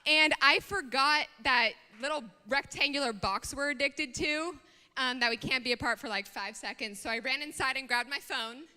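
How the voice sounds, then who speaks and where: Bright young woman in a big hall. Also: high voice, normal speed, clear, resonant tone. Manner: chatty and animated, many fillers. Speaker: student speaker. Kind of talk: youth talk with a personal story.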